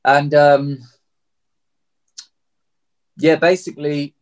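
A man's voice: a little high, little pitch movement, very slow. A young man recounting a story in loose, blunt, casual talk, swearing freely and leaning on filler words. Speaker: guest telling a story.

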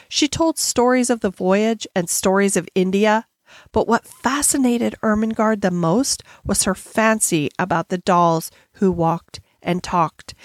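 Woman, audiobook narrator, measured, expressive, dry recording. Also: medium pitch, dry recording. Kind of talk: reading a classic novel aloud.

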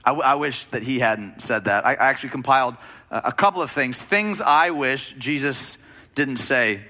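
Bright-voiced male pastor preaching. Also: mid-range voice, normal speed. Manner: conversational and emphatic, with rhetorical questions. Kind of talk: sermon.

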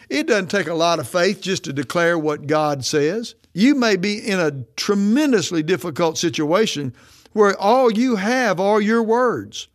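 A man preaching a sermon, emphatic and declaring, often slowing down to stress his words. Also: sits high.

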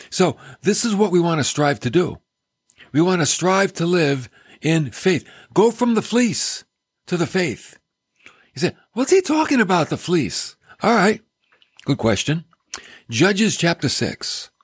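Animated, husky-voiced radio preacher man. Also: fairly high pitch, a little slow, no room sound. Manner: folksy, animated, joking asides. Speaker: radio Bible teacher and host. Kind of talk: radio sermon. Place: radio studio.

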